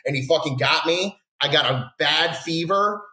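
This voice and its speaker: A man telling wild stories in casual podcast chat, profane, rambling and animated, from Texas. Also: on the high side, normal speed. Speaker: podcast guest. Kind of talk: casual storytelling. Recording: roomy echo.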